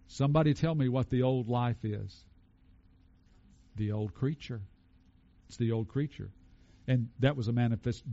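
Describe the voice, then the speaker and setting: A man's voice: mid-range voice, mellow, highs cut off. A man preaching a conversational sermon and asking his congregation questions. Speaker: pastor.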